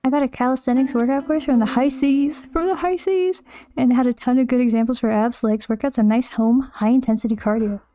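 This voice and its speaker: A woman's voice: on the high side, flat delivery, fast, few pauses, warm tone. A young woman streaming, chatting casually and playfully with her chat as she draws, rambling and restarting her sentences.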